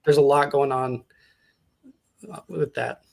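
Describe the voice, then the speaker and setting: A man in a casual book discussion, reflective and measured as he interprets the story. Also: medium pitch, flat delivery, creaky, a little mellow. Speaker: guest reviewer.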